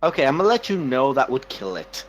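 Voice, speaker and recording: A man's voice: medium pitch, big pitch swings, fast talker, poor audio. A man narrating as game master of a tabletop game, teasing his players.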